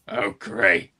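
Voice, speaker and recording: A man on a casual stream, joking and sarcastic in an animated way.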